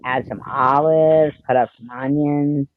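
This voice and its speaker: A man's voice: medium pitch, fairly even intonation, a little slow. American man joking, dull lo-fi audio. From United States. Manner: teasing, laughs often, swears casually. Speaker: livestream co-host. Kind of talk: casual chat. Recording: dry, slightly dull lo-fi sound.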